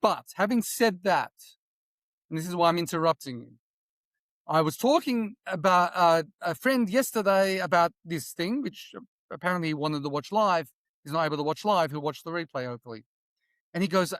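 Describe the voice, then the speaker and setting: A man interviewing a guest in a casual conversation, cutting in with quick jokes and asides. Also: on the high side, expressive, fairly bright tone, no echo. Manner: joking, interrupts with quick wisecracks.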